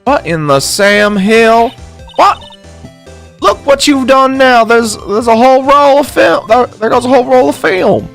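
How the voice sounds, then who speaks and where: A man's voice: very high-pitched, expressive, a little slow, gravelly, a bit bright, soft background music, pitched above the performer's own voice, full character voice. Man doing a drawling Southern camper woman. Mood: indignant. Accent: exaggerated American Southern drawl. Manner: indignant, scolding. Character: feisty middle-aged Southern woman, camper.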